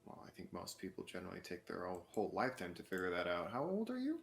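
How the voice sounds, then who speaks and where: A man voices a curious human newcomer in a tabletop game, asking hesitant questions. His voice is somewhat low. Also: huge pitch swings, creaky, full character voice. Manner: halting, inquisitive.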